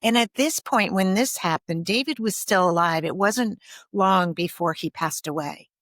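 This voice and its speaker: Woman, podcast guest, soft-spoken, thoughtful, frequent ums, dry close sound. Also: on the low side, normal speed, dry recording. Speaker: guest, grief and ancestral healer. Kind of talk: reflective podcast conversation.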